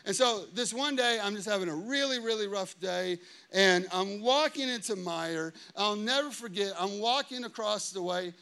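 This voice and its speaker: A male pastor in his thirties delivers a sermon with a high, bright voice. He tells stories animatedly and acts out what people said, then turns earnest and confessional. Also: moderate pace, smooth. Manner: animated storytelling, acting out quotes.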